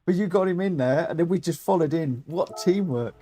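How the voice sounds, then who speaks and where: A man giving excitable, giggly live commentary as host of a gaming livestream, chatting to viewers from a home setup on a desk mic. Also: fairly high pitch, a little fast, hardly any pauses.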